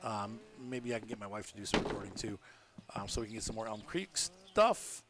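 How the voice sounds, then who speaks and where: A man's voice: on the low side, animated, a little fast. A man chatting his way through a live gameplay stream from home, rambling and laughing often. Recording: loud background noise.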